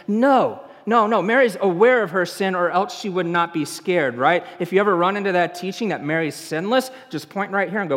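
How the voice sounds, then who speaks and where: A man's voice: sits high, animated, moderate pace, hardly any pauses, big-room sound. A man from the American South with a Southern accent, a pastor preaching a conversational sermon and asking the congregation questions. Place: church sanctuary.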